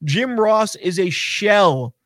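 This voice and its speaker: High-pitched man ranting with profanity. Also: animated, slow, a bit bright, no room sound, studio quality. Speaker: podcast co-host. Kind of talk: casual wrestling talk.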